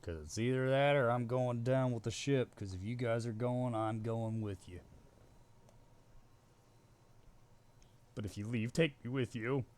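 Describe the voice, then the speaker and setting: A man's voice: quick pace, dark tone, natural voice. A man putting on a silly accent as a fussy cartoon Martian. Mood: mock-plaintive. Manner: exaggerated funny accent, raised pitch.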